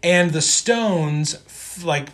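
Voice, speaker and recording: A man's voice: on the high side, extremely slow, fairly bright tone. Man casually recapping a comic book. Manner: rambling, many ums and restarts. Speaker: podcast co-host.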